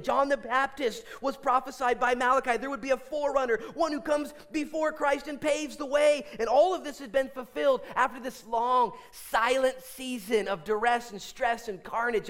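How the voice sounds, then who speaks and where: A man in his thirties, a pastor preaching a sermon in a church, animated, swinging between loud exclamations and hushed asides. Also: extremely high pitch. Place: church sanctuary.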